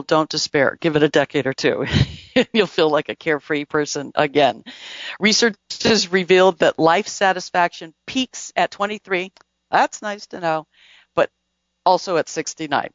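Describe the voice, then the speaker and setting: A man's voice: a little high, a bit bright, no room sound. A man hosting a casual talk show, rambling conversationally through travel stories and news items with restarts and asides. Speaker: podcast host. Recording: dull, dry lo-fi recording.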